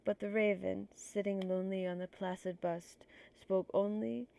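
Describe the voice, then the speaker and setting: A woman's voice: medium pitch, flat delivery, normal speed, gravelly, mellow. A woman streamer with a stuffy nose reading poetry aloud on a livestream, nervous and self-conscious, apologizing for her slips.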